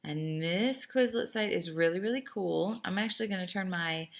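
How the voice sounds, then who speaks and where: Speaking into a computer microphone at a moderate pace, a woman with a lowish voice teaches a recorded French lesson. Her style is upbeat, chatty, and encouraging.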